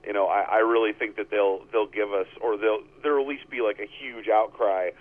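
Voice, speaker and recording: A man's voice: fairly low pitch, fairly even intonation. Blunt man on a tinny phone line. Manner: blunt, opinionated, halting restarts. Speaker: podcast co-host. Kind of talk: casual chat.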